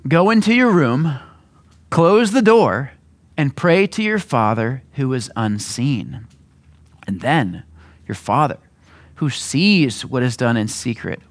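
A man giving a sermon in a relaxed, conversational way, often acting out short quoted voices to make his point. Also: a little high. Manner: conversational, acts out little voices in his examples. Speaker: preacher.

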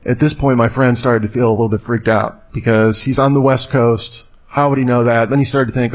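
A man's voice: mid-range voice, level tone, a little fast, hardly any pauses. A man speaking to a live audience in a conversational, storytelling way with rhetorical questions.

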